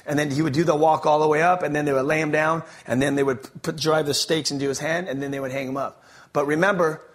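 A man giving an energetic, slang-filled testimony to an audience, stumbling and restarting as he tells his story. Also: a little high, quick pace. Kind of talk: testimony preaching to a live audience.

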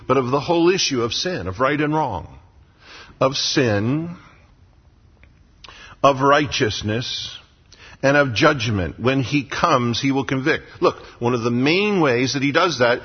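In a church sanctuary, a pastor with a husky, mid-range voice delivers a sermon, hammering his points through emphatic repetition. The sound is lo-fi and drenched in long hall reverb.

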